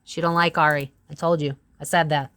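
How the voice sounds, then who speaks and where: Woman tarot reader, low-pitched, dry close sound, blunt and profane, casual delivery with loud outbursts. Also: fairly even intonation, no room sound. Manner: blunt and profane, quick swings into loud exclamations. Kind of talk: casual tarot reading to camera.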